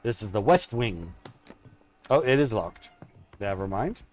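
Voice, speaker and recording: Male game streamer, mid-range voice with a very animated pitch, playful, mock-dramatic self-talk, faint music underneath. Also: measured pace. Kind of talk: live gameplay commentary.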